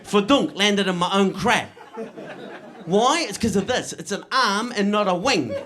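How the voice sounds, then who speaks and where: A middle-aged stand-up comedian with a fairly high voice delivers his set in a dry, punchy, deadpan style. He keeps throwing quick "right?" asides to the crowd.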